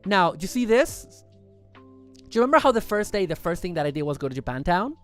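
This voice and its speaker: Talking fast at a medium pitch, a livestream host goes through photos in an excitable, rambling chat and keeps correcting themselves mid-sentence. Faint music plays in the background.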